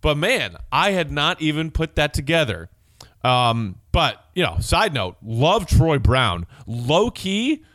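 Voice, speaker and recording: A man hosting a solo sports podcast, chatting casually and excitably and reading listener texts aloud. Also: on the high side, dry recording. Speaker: podcast host.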